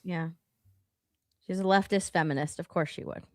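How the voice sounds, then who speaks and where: A woman's voice: fairly low pitch, steady tone, normal speed, no room sound, clean studio sound. A woman co-hosting a casual livestream, sarcastic and dismissive as she comments. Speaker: co-host.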